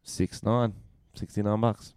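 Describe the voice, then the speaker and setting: A young man rambles through a story in easy podcast chat, laughing along as he goes. His voice is smooth and sits a little low. The mic is close and the room is dry. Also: little pitch movement, unhurried, warm tone, no echo. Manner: rambling, giggly, loose storytelling. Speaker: podcast co-host. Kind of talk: casual chat.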